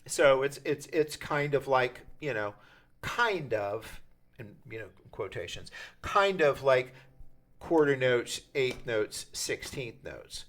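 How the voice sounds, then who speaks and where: An older man leading a hands-on percussion workshop, talking in a chatty, halting way with many restarts. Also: medium pitch, expressive, a bit bright. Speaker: percussion teacher. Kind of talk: interactive music workshop.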